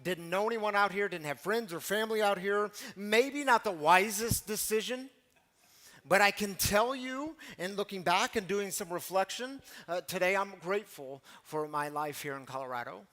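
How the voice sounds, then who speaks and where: A man's voice: high-pitched, normal speed, sharp tone. A male pastor from Missouri giving a conversational, storytelling sermon to his congregation, with asides to the listeners.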